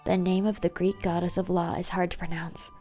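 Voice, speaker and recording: A woman's voice: lowish voice, flat delivery, brisk, warm tone, soft background music, close to an everyday voice. A woman voicing a polite, earnest young female attorney in a dating game.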